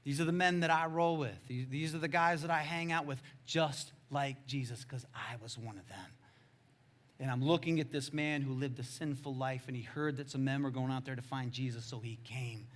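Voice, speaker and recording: A male pastor tells a story during a sermon in casual, slangy language, swinging between loud exclamations and hushed asides. He speaks at a medium pitch and a moderate pace.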